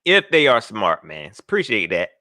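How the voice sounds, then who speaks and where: A man hosting a live call-in sports show, animated and slangy, joking as he reads viewer comments aloud. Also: fairly low pitch, normal speed, dry recording, clean studio sound. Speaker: sports podcast host.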